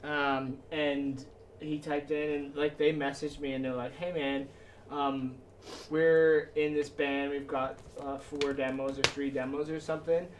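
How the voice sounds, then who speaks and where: A man who sings in a band, telling how he joined, playful and quick with plenty of "um". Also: a little high, little pitch movement, recorded from a distance, slight background noise. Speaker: band singer guest. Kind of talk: casual storytelling chat.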